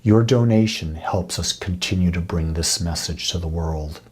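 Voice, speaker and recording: Low, very breathy male minister. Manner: soft, intimate delivery with frequent breathy, whispered phrases; slow, deliberate affirmations. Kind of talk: spiritual talk.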